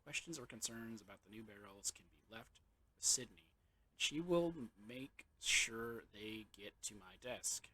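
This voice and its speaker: A man's voice: mid-range voice, lively intonation, unhurried, bright, forceful tone. A man casually talking to himself while playing a video game, rambling and joking. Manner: rambling, jokey muttering to himself. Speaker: game streamer. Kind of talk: casual let's-play commentary. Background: video game ambience.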